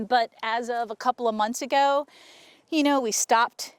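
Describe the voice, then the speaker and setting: A woman's voice: on the high side, steady tone, a little slow, smooth, no echo. Chatty woman horse trainer, dry sound. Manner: chatty, soothing praise to the horse. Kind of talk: casual vlog narration while working a horse. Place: outdoor arena.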